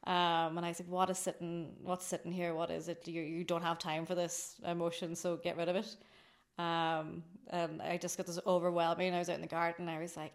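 A woman's voice: on the low side, flat delivery, a little fast. A woman from Ireland, a company founder, chatting in an interview, rambling and laughing often. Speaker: guest, drinks company founder. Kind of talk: casual interview chat.

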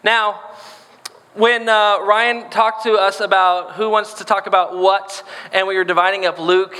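Bright high-voiced man preaching in a reverberant hall. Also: fairly even intonation, unhurried. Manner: playful, acts out voices in quotes. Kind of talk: sermon.

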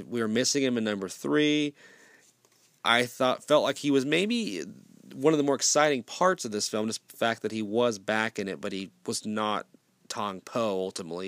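A man's voice: fairly low pitch, no room sound. Rambling, foul-mouthed man reviewing films. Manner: rambling and profane, frequent restarts. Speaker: film reviewer. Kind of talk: casual ranking review.

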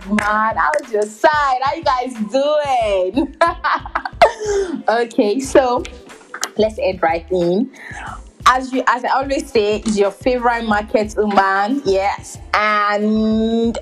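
A young woman hosts her podcast in an easy, giggly ramble, padding her thoughts with filler words. She speaks at an unhurried, drawn-out pace, with faint music playing softly behind her. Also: medium pitch, poor audio. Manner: giggly, heavy use of filler words, many restarts. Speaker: podcast host. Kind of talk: casual podcast chat.

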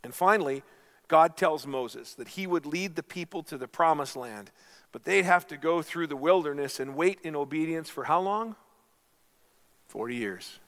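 A man's voice: fairly high pitch, lively intonation, normal speed, fairly bright tone. A middle-aged man preaching a sermon as a pastor, telling stories earnestly and calling his listeners friends.

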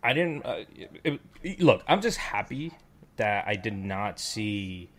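A man's voice: on the low side, big pitch swings, measured pace, a bit bright. A man chatting casually with friends, rambling with lots of fillers and restarts. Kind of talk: casual chat.

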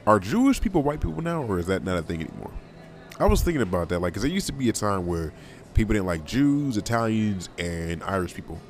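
A man's voice: fairly low pitch, darkish tone. A young man hosting a casual solo podcast, talking in a loose, rambling, slangy way and often repeating himself. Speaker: podcast host.

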